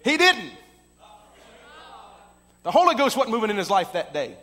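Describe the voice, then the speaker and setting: A man preaching a storytelling sermon as pastor. He tells the story with lots of "uh" fillers and builds up to shouting. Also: high voice, sing-song, moderate pace, big-room sound. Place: church sanctuary.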